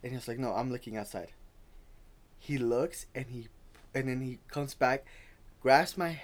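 A young man co-hosting a podcast who tells a scary story in casual slang and swears freely, getting louder and more excited as it goes on. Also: medium pitch, moderate pace. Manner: slangy, profane, grows loud and excited while telling a scary story. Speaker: podcast co-host.

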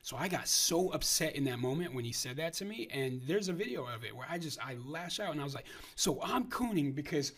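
A man with a slightly high voice tells a story in casual talk. He acts out what others said with lively energy. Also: fast, hardly any pauses. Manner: animated storyteller, acting out quoted lines.

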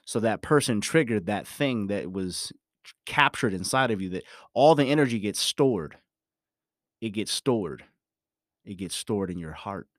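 A man delivers an emphatic motivational talk and drives his points home by repeating them. His pitch swings widely and expressively. The recording is dry, with no room echo. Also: animated, measured pace. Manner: repetitive, emphatic, preachy. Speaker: motivational speaker.

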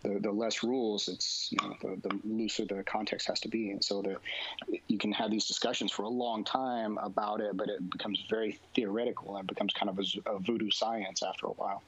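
Low-voiced man talking in circles. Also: little pitch movement, a little fast, a bit bright, slightly rough, muffled recording. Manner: rambling, heavy on fillers and restarts. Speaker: jiu-jitsu instructor. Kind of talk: casual interview talk.

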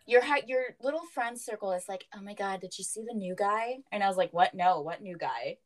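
A young woman co-hosting a casual chat, telling animated stories, swearing freely and laughing often. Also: mid-range voice, brisk, low-quality recording. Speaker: podcast co-host.

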